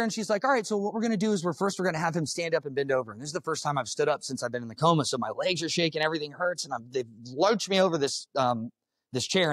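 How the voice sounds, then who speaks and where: Fast-talking, profane man telling a story. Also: on the high side, dry recording, studio quality. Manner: raw, profane, animated storytelling. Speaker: firefighter speaking at a summit. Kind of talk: storytelling talk to a live audience. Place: conference room.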